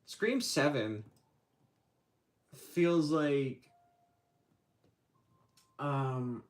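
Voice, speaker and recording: A man's voice: on the high side, expressive, very slow. A man hosting his own livestream, chatting casually with lots of fillers and restarts. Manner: rambling, hesitant, many fillers. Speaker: channel host.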